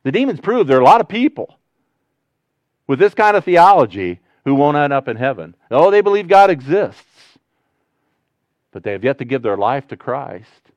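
A male pastor preaching a conversational sermon to his congregation, switching between loud, animated rises and quiet, low asides. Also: normal speed, no room sound, highs cut off.

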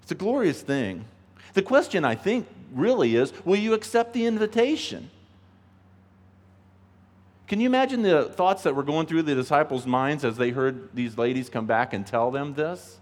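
A man preaching a sermon as a pastor, emphatic and animated, acting out the voices he quotes. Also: normal speed. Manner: emphatic, acts out quoted voices, rises in pitch when pleading. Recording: long reverb of a large hall.

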